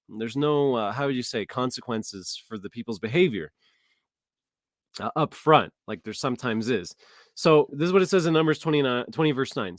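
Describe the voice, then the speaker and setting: A man's voice: a little high, no echo, clean studio sound. A man teaching a casual Bible study, thinking aloud in a conversational way with frequent restarts.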